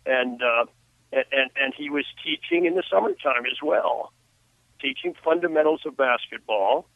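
A man's voice: mid-range voice, big pitch swings, moderate pace, creaky, dry recording. An older man, an author and guest on a phone interview, telling stories in a reflective way with many restarts. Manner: reflective storyteller with frequent restarts. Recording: tinny phone line.

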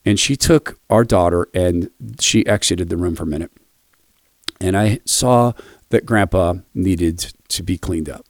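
A man hosting a radio devotional, quietly telling a personal story before closing with a blessing. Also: sits low, measured pace, no room sound, clean studio sound.

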